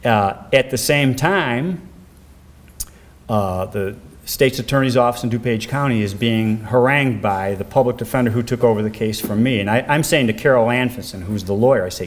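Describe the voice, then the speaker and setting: An older man, a former defense lawyer telling a case story in a documentary interview, his pitch rising when he quotes others. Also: normal speed.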